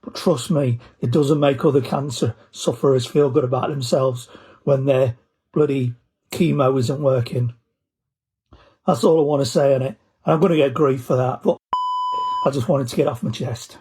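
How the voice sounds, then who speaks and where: Husky man making an angry plea. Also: medium pitch, fairly even intonation, normal speed, warm tone. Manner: angry, emphatic, repeating words for stress. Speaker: cancer patient in a recorded message. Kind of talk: impassioned recorded plea.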